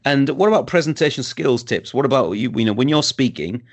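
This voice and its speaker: A man's voice: medium pitch, animated, brisk. A man hosting a podcast interview, eager and agreeable, often restarting his sentences. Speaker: podcast host. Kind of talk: casual interview chat.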